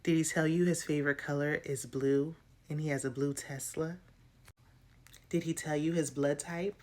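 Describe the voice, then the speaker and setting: A woman acting out a catty young woman who taunts her rival in a low, hushed voice. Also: steady tone, normal speed, lightly acted. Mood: smug taunting.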